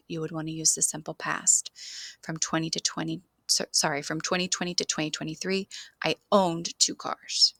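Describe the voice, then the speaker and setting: A woman's voice: fairly low pitch, gravelly, pushed and bright, no echo. A woman teaching an online English grammar lesson, explaining steadily and spelling words out letter by letter.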